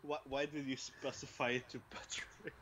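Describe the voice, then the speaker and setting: A man co-hosting a crude comedy podcast, teasing and interjecting with quick comments. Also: medium pitch, flat delivery, a bit bright. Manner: teasing, interjecting, laughs often. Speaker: podcast co-host.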